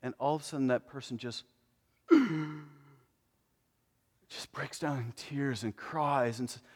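A man preaching a sermon in a conversational way, moving between emphatic lines and hushed ones. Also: medium pitch, steady tone, unhurried, long pauses. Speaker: pastor. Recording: long reverb of a large hall.

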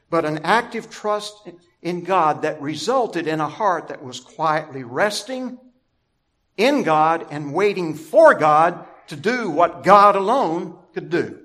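A man preaching a sermon as pastor, deliberate and emphatic, stressing key words through repetition. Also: fairly high pitch, a bit bright.

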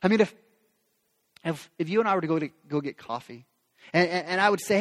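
Impassioned high-voiced male pastor preaching. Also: brisk, pauses often. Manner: impassioned preaching, acting out quoted prayers. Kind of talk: sermon. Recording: long reverb of a large hall.

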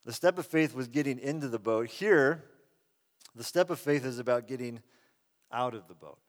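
Middle-aged male pastor, conversational sermon, mid pitch, reverberant church hall. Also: moderate pace. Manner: conversational and earnest, swelling loud then dropping soft. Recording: long reverb of a large hall.

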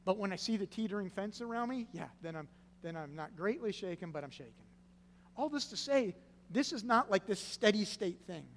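Man, pastor, sermon, higher-pitched voice, loud emphasis then hushed drops, long reverb, faint hum. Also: lively intonation, fairly quick. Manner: swings from loud emphatic stresses to hushed low phrases.

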